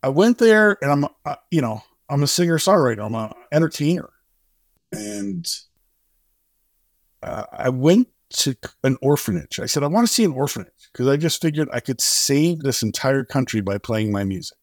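Brief: middle-aged male guest, mid-pitched, vivid storyteller voicing the people in his story, dry close sound. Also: moderate pace, no echo. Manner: animated storyteller who acts out dialogue. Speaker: charity co-founder and guest; singer-songwriter. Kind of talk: storytelling in a podcast interview.

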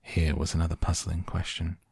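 A man reads a storybook aloud, slow and measured, with a very low voice. His tone is gravelly and husky. The sound is close and dry, with no room around it. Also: completely flat delivery, darkish tone, no echo. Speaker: narrator. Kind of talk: audiobook narration.

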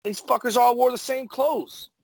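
A man, a former wrestler, telling profane, animated stories in casual podcast chat. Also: very high voice, normal speed, slightly rough. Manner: profane, animated storyteller acting out moves. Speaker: retired pro wrestler, podcast host.

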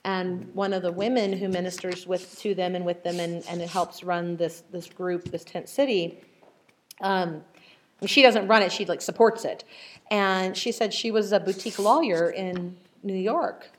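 A woman leading a casual group Bible study, retelling stories lively and acting out the voices of the people in them. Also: on the low side, normal speed. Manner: animated storyteller, acts out quoted voices.

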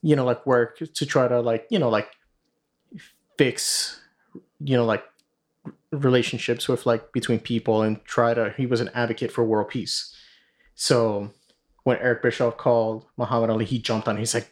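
A man telling a long anecdote on a podcast at a middle pitch. He rambles through constant fillers and drops casual swearing as he goes. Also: fairly even intonation, moderate pace. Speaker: podcast host. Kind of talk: casual storytelling.

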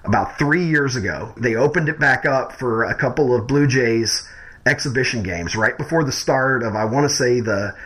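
A man's voice: mid-range voice, moderate pace, a bit bright, slightly rough, poor audio. A man in casual chat, easygoing, laughing often and making dry quips.

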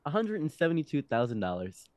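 A young man, a podcast guest, telling a story in casual chat, animated and laughing often, swinging between hushed and loud. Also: on the high side, quick pace, no room sound. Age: young adult.

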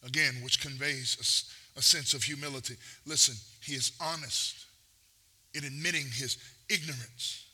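A man's voice: medium pitch, fairly even intonation, normal speed, pushed and bright, breathy edge. A man preaching a sermon, mixing playful asides and acted-out quotes with rising, intense delivery. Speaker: pastor.

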